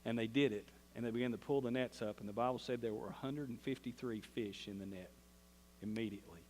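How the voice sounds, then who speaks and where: Southern male pastor, folksy sermon storyteller, average pitch, recorded with long church-hall reverb. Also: fast, darkish tone, slight background noise. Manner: folksy storytelling, acts out quoted voices.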